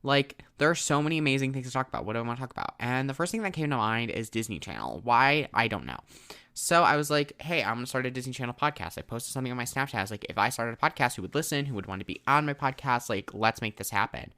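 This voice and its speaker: Teen boy, solo podcast host, bright forceful voice, emotional and effusive delivery. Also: mid-range voice, lively intonation, fast talker, clean tone. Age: teens. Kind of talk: casual solo podcast monologue.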